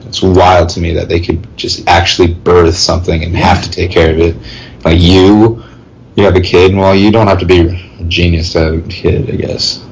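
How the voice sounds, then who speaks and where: A man's voice: sits low, flat delivery, moderate pace, highs cut off, slight background noise. A young man co-hosting a casual podcast chat, laid-back, peppering his talk with "dude" and "bro". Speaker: podcast co-host.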